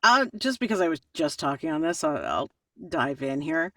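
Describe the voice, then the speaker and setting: Woman narrator, lively swinging pitch, chatty, laughs often, dry distant mic. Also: moderate pace, no echo. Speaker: audiobook narrator. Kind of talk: podcast interview answers.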